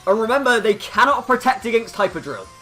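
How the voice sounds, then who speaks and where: A man giving excitable live commentary over his own competitive video game battle. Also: high-pitched, brisk, soft background music. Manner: excitable, hyping up big plays.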